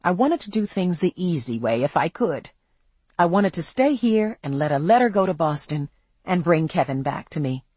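A woman reading a novel aloud in the first person, in a measured, expressive storytelling manner. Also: fairly low pitch, breathy edge, dry recording. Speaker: audiobook narrator.

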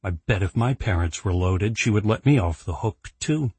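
A man's voice: lowish voice, expressive, moderate pace, darkish tone, husky, no echo. A man voicing a sullen, resentful teenage schoolboy who talks in a dry, grumbling way.

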